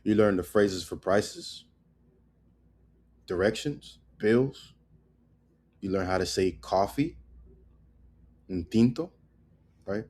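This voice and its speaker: A man giving a casual spoken language lesson, loose and repetitive, tagging "right?" onto his points and drilling words slowly. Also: fairly low pitch, animated, a little mellow. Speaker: language teacher.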